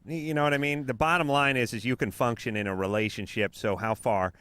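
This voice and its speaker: A man hosting a late-night call-in radio show, talking in a rambling, halting way full of fillers and restarts. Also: mid-range voice, steady tone, fairly bright tone, clear, resonant tone, dry recording.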